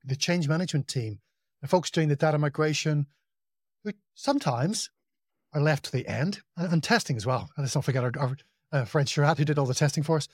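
A man talking casually as a podcast guest, telling work stories in a relaxed, self-deprecating way. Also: on the high side, brisk, dry recording, studio quality. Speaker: podcast guest, project implementation consultant. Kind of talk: casual conversational interview.

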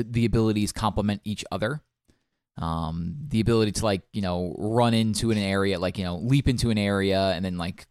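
Fairly low in pitch and a little mellow, this young man's voice has a clean tone, captured in clean studio sound without echo. As a podcast co-host, he rambles through a casual video game chat, full of ums and restarts.

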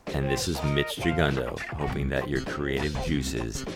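A man putting on a slow, exaggerated deep announcer voice for a podcast sign-off. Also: steady tone. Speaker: podcast co-host. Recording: music playing loudly underneath.

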